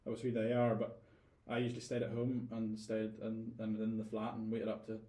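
Northern Irish man, lowish voice, roomy sound. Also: completely flat delivery, a little fast, mellow. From Northern Ireland. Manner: thoughtful, repeats words as he gathers thoughts. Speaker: guest. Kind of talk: casual interview storytelling.

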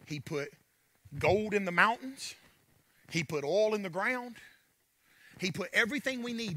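A man preaching a sermon, dropping to soft murmurs and rising to shouted peaks, calling out to his congregation. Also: sits high, a little slow, long pauses, slight background noise. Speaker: pastor.

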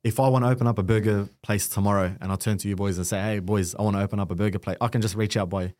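A man's voice: fairly low pitch, very fast. A young Australian man, a podcast guest, telling his story in casual chat, acting out what others said to him. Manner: animated storytelling with acted-out quotes. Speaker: guest content creator.

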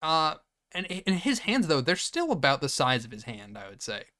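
A man's voice: a little high, moderate pace, no echo, studio quality. A man hosting a podcast, chatting casually about a movie and acting out the characters' lines as he retells scenes. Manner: animated, acts out characters' lines. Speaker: podcast host. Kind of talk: casual movie-review chat.

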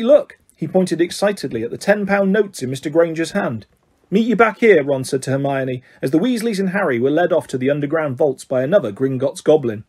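A man reading a storybook aloud in a husky voice that sits a bit high for a man. He stumbles over a word now and then and corrects himself as he goes. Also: a little mellow. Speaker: reader. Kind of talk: storybook narration.

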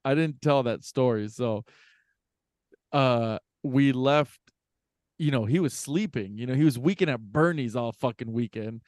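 A man's voice: mid-range voice, measured pace, a little mellow, no echo, clean studio sound. A man hosting a podcast in casual chat, telling a story loosely and laughing often between words. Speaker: podcast host.

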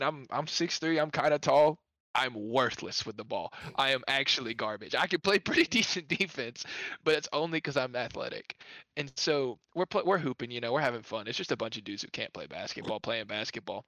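A man's voice: mid-range voice, sharp tone, dry recording. A young man telling stories in casual chat with friends, rambling with lots of "like" fillers and laughing as he goes. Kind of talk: casual storytelling among friends.

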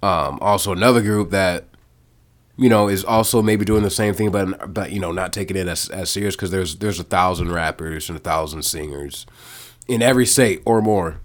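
A young man from Iowa, a guest on a podcast, talking in casual chat with halting repeated words that often trail off softly. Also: deep voice.

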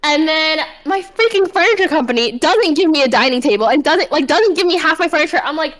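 A young woman with a high voice tells a long, animated story as a podcast co-host. Her talk is casual and full of swearing and "like". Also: fast talker, hardly any pauses, poor audio. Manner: animated ranting, swearing, lots of "like". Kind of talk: casual chat.

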